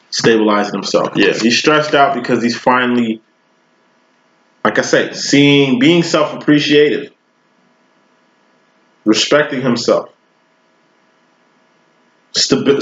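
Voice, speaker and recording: A man giving a casual tarot reading, talking in a loose, slangy, profane way and spinning long rambling analogies. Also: medium pitch. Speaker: tarot reader. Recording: roomy, dull lo-fi recording.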